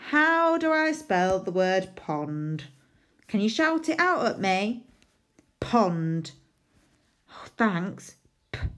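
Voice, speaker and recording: Lady teacher doing phonics for little kids, slow and sing-songy, spelling words out letter by letter. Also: medium pitch, big pitch swings, a bit bright. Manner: sounds out letters, makes playful mistakes on purpose. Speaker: primary school teacher. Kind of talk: recorded phonics lesson for young children.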